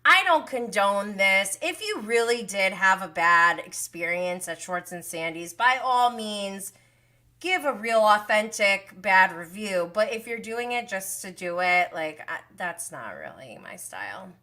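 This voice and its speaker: A woman hosting a casual reality TV recap livestream, animated and gushing, laughing often and swearing casually. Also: medium pitch, a little slow.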